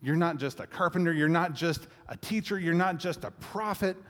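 A man's voice: fairly high pitch, normal speed, fairly bright tone, pitched above the performer's own voice, lightly acted. A man voicing the disciple Peter, making emphatic, rising declarations. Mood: awed, fervent. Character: impassioned male disciple Peter, fervent and bold. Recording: echoey hall reverb.

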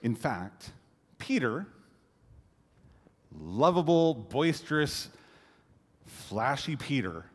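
A man preaching a sermon in an animated way, acting out quotes and swelling to loud climaxes. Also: medium pitch, measured pace. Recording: echoey hall reverb.

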